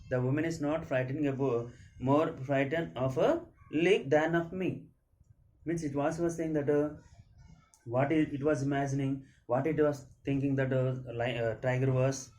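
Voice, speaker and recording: A man's voice: medium pitch, steady tone, moderate pace, a little mellow, a little hiss or hum. A man with an Indian English accent, a school teacher explaining a story to his class. He reads lines aloud and then paraphrases them, with many fillers and restarts.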